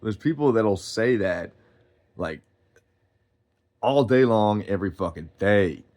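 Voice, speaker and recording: A man with a lowish voice rants casually to his audience. He tells a rambling story full of swearing and false starts. His tone stays blunt and unfiltered, with a pitch that sits on the low side. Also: lively intonation, slow pace. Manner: profane, rambling storytelling, loud when reenacting quotes. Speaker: streamer. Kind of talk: casual rant.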